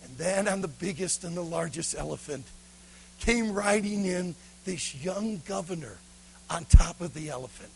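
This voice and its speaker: A preacher man telling a story from the pulpit with a high, wildly lively voice. He swings from loud shouts down to hushed near whispers, with a gravelly, husky grain. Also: moderate pace, slight background noise, rough recording. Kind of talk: sermon storytelling.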